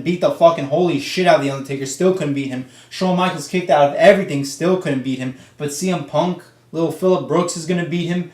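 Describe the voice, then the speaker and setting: A man's voice: a little high, echoey room. A man giving a blunt, profane, heated rant as a wrestling vlogger. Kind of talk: casual opinionated rant.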